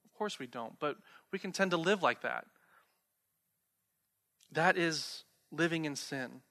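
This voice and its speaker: Young male pastor, friendly conversational preaching, bright and a touch high. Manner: conversational preaching with rhetorical questions. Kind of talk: sermon.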